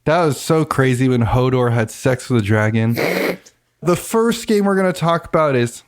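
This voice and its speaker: A man's voice: mid-range voice, lively intonation, normal speed. A man hosting a board game podcast, bantering casually and laughing often. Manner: joking banter with frequent laughter. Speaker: podcast host. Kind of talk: casual chat.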